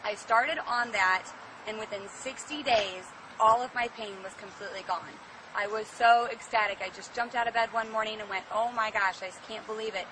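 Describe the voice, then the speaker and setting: A woman's voice: fairly high pitch, fairly even intonation, fairly quick. A woman telling a sincere personal testimonial in a plain-spoken way. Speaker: customer giving a testimonial. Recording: distant mic with noisy outdoor ambience.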